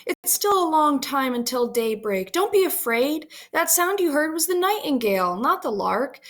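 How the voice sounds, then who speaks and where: A woman's voice: very animated, normal speed. A woman reading the part of a young lovesick girl, pleading and emphatic. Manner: pleading, rising high and emphatic.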